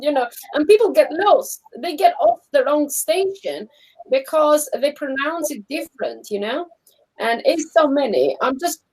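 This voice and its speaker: A woman from Albania with an Albanian accent, co-hosting a casual live-stream chat, animated and laughing often. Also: high voice, poor audio. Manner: animated, laughs often, acts out quoted people. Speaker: co-host. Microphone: phone or webcam on a live stream.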